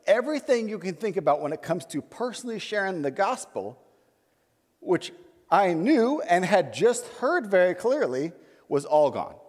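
Man preaching a story in a reverberant hall. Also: a little high. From United States. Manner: storytelling, conversational, animated. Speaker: pastor. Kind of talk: sermon. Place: church sanctuary.

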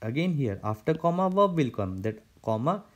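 A man's voice: mid-range voice, big pitch swings, normal speed. Man explaining grammar step by step. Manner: repetitive, step-by-step, frequent restarts and "okay, so". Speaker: German language teacher.

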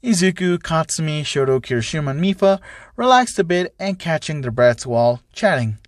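A man's voice: lively intonation, brisk, dry recording, clean studio sound. A man narrating a fan story, reading every character's lines in the same voice. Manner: reads every part himself, shifting pitch for each character.

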